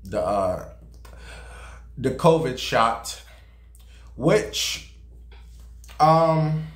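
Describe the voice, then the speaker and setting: A man's voice: medium pitch, expressive, drawn-out words. A man giving sassy, profane gossip commentary and dramatic storytelling as a vlogger. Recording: roomy echo.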